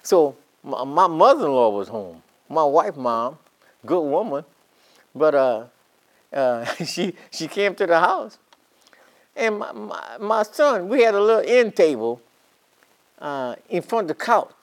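A man's voice: a little high, sing-song, measured pace. Older man preaching folksy Bible lesson. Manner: folksy, repeats and restarts phrases, builds to emphatic preaching. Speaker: Bible class teacher. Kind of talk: storytelling sermon.

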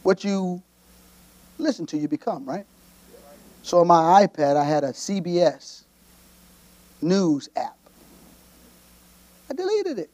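High, animated preaching man. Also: unhurried, long pauses. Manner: storytelling with playful asides, calling out to the congregation. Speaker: pastor. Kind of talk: sermon.

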